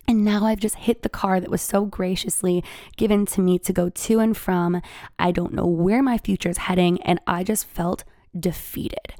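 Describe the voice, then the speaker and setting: A young woman YouTuber telling a personal story to camera, candid and lively, laughing often and sometimes dropping to a whisper. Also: mid-range voice, vocal fry, no room sound, clean studio sound.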